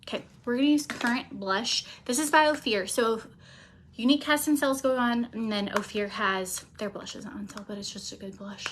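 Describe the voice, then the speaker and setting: A woman beauty vlogger talking casually at home, her voice a little high and her speech loose and full of fillers. A faint hiss of noise sits under the home recording. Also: brisk. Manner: chatty, rambling with many fillers, softly talks to her cat. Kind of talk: casual makeup chat.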